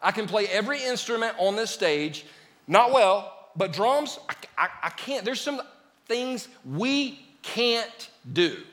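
A man preaching a lively sermon as a pastor, joking with his congregation. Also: high-pitched, measured pace, long reverb tail. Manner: lively, joking with the congregation, calls them "y'all". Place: church sanctuary.

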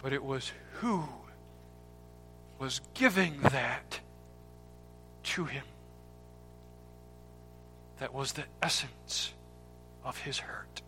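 A man preaching a sermon with impassioned swings between loud cries and hushed, near-whispered words, repeating key words for emphasis. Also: medium pitch, drawn-out words, pauses often. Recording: long hall reverb with faint music.

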